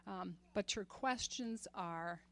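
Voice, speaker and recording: A woman in her sixties giving an earnest faith talk to a group, laughing often and growing animated when she retells stories. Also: medium pitch, slow. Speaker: women's ministry speaker.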